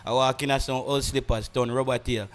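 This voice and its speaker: A man's voice: medium pitch, fairly even intonation, brisk, slight background noise. A young Jamaican man with a country accent, chatting casually as a podcast host, rambling and switching between patois and English. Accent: Jamaican rural. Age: young adult. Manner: rambling, mixes patois and English, many restarts. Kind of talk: casual chat.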